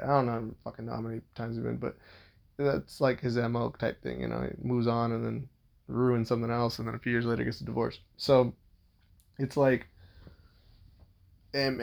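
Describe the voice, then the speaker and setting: A man telling a story about his father-in-law in casual talk, swearing constantly and voicing his own outbursts at a sharply raised pitch. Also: gravelly, a little mellow. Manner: agitated, heavy swearing, pitch jumps on quoted outbursts. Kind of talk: casual profane storytelling rant.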